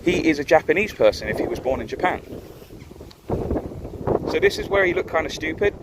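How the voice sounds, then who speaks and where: A man's voice: fairly high pitch, lively intonation, fairly quick, very noisy. A man, talking bluntly and argumentatively in a casual monologue, often tagging "right?" onto his points. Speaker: live streamer. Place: in a van.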